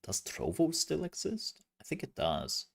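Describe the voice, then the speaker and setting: A man's voice: fairly high pitch, wildly swooping pitch, a little slow, gravelly, husky. A man streaming, chatting casually with viewers in a rambling, self-mocking way. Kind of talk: casual live-stream chat.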